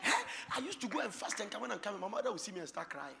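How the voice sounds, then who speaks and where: Pastor guy preaching, swings soft to shouting, voice jumps all over. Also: sits high, sing-song, very fast, vocal fry, big-room sound, background noise. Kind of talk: sermon.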